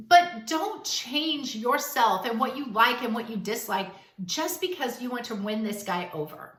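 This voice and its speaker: A woman's voice: fairly high pitch, lively intonation, measured pace, roomy sound, distant mic. A woman giving blunt, emphatic dating advice straight to the viewer, acting out bits of dialogue. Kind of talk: direct-to-camera advice talk.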